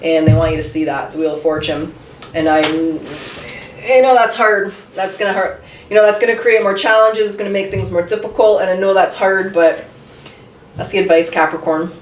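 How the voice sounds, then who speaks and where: A woman's voice: on the low side, fairly quick. A woman giving a casual tarot reading, chatty and candid, thinking aloud as she draws each card. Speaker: tarot reader. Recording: roomy, distant from the mic, faint noise.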